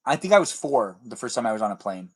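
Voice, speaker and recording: A man's voice: mid-range voice, sing-song, fast, breathy edge, low-quality recording. A man on a live stream, talking loosely and playfully to the people watching. He wanders from thought to thought and slips into goofy little back-and-forth scenes. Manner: rambling, playful, acts out silly imagined dialogues. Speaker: livestreamer. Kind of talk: casual live-stream chat with viewers.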